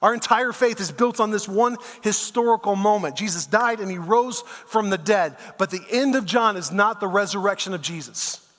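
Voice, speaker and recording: High-voiced male pastor in echoing hall. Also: normal speed, few pauses, a bit bright. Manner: conversational storytelling, casual asides like "man" and "dude". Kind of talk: sermon. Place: church auditorium.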